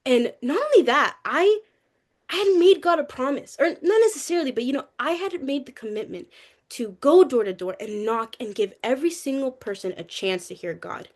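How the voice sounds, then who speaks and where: A young woman giving a lively personal testimony to a youth group, talkative and acting out what people said. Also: normal speed. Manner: animated, talkative, acts out quotes with rising pitch.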